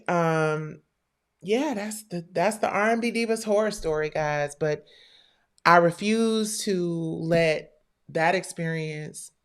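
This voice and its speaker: A woman's voice: deep voice, gravelly. A woman hosting a live stream show, telling a story in a candid, blunt and profane way. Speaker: livestream show host. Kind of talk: casual livestream talk.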